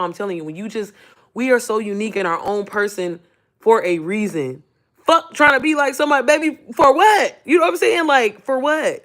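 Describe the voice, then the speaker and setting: Animated, swearing motivational woman. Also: mid-range voice. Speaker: online business coach. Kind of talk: casual livestream talk.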